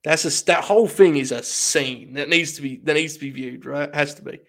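A man with a gravelly, slightly higher voice, hosting a casual podcast chat. He talks animatedly and swears freely. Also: fairly even intonation, a little fast, fairly bright tone. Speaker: podcast host.

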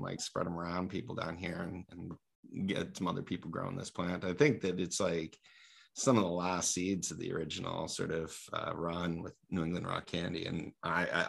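A man in a casual group chat on a video call, talking in an animated, excitable way. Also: deep voice, creaky, breathy edge.

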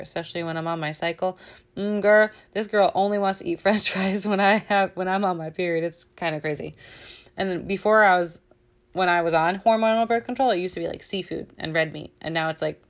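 A woman talks in a loose, chatty way as host of a casual motivational chat. She is candid and unfiltered, swears freely and laughs easily between thoughts. Her pitch sits in an ordinary middle range. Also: fairly quick.

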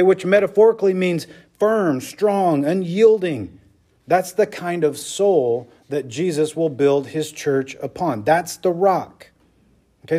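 A man's voice: fairly high pitch, dark tone. A man, a pastor, preaching a sermon with emphatic delivery, often checking in with the congregation with "okay?" and "right?".

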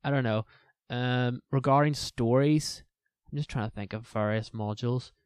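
A young man with a strong Northern Irish accent talks in a clear, smooth mid-pitched voice. He thinks aloud, hesitating and letting sentences trail off. The recording is dry and close. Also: normal speed, darkish tone, no room sound. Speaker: university student. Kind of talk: casual chat.

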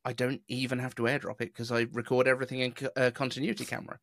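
A British man hosts a tech podcast in a chatty, rambling, self-deprecating way. His neutral southern English accent has a middle-pitched voice. The recording is dry and close, with no room echo. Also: level tone, racing, gravelly, a bit bright. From southeast England. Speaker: podcast host. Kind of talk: casual chat.

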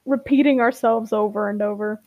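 A woman's voice: fairly high pitch, steady tone, fairly quick, dry recording, muffled recording. A woman co-hosting a podcast, reading a story aloud and chatting, giggly and teasing. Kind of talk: casual story reading and chat.

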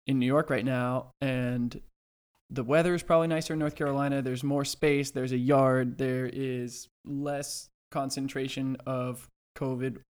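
A man's voice: mid-range voice, little pitch movement, measured pace, clean tone. A man co-hosting a podcast in casual chat, rambling and hesitant, with lots of restarts and dry sarcastic asides. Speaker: podcast co-host.

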